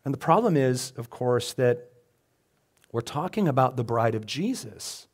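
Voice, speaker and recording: A man's voice: medium pitch, sing-song, a little slow, husky. A male pastor giving a sermon, reading scripture aloud and joking with the congregation between readings. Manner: conversational, joking asides to the congregation.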